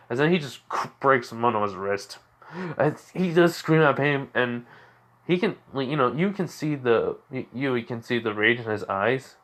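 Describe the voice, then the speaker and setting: A man's voice: mid-range voice, animated, moderate pace, fairly bright tone. Rambling man retelling a fan story. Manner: rambling with constant fillers.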